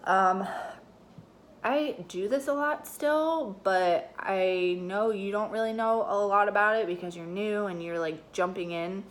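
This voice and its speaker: A woman's voice: mid-range voice, measured pace. A woman giving casual, chatty coaching advice to a new team member, filling her talk with "like" and "you know". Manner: chatty, lots of "like" and "you know", acts out quoted chats. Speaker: direct-sales team mentor.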